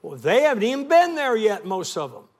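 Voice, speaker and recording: A man's voice: sits high, sing-song, fairly quick. Folksy middle-aged male preacher. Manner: folksy storytelling with call and response. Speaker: guest preacher. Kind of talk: sermon.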